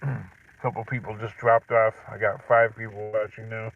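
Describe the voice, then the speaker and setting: A middle-aged man chatting casually on a livestream, rambling, clearing his throat and chuckling as he talks from his truck. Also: lowish voice, flat delivery, moderate pace, recorded from a distance. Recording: tinny phone-like audio from off-mic.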